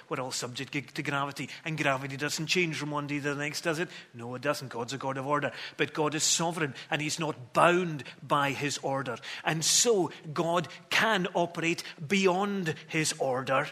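A man preaching a sermon, telling a story with acted-out dialogue and moving between hushed and emphatic delivery. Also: on the high side.

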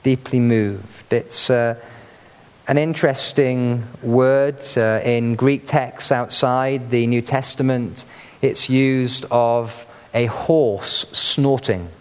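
A man's voice: medium pitch, steady tone, takes it slowly, darkish tone, smooth. A man preaching a sermon with earnest emphasis, pressing hard on key words. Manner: earnest, emphatic, building to stressed peaks. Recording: long hall reverb.

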